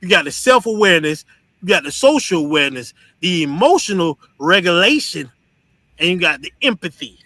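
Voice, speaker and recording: A man with a high, very bright voice delivers a preachy lecture to his listeners. He talks bluntly and profanely and keeps checking in with "you understand?". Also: sing-song, brisk, no room sound, low-quality recording. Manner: blunt, profane and scolding, laughs between points; asks "you understand?" often. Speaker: officer and teacher leading a group discussion. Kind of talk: preachy lecture to an online audience.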